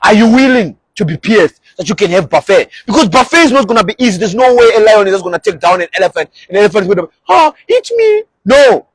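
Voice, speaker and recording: A man preaching an energetic sermon, animated, acting out short quoted voices along the way. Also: high voice, very fast, few pauses, husky, no room sound.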